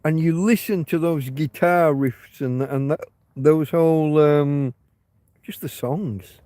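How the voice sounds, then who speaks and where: A man's voice: a little high, slow pace, dark tone, no echo. A man from England casually chatting with his livestream audience from home, rambling and swearing, trailing off with ums, with hiccups. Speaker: livestream host.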